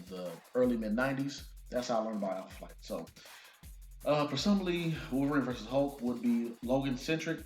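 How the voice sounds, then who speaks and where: A man with a medium-pitched voice hosts a casual movie news vlog, reading an article aloud and interrupting himself with excited asides. The recording has a roomy echo.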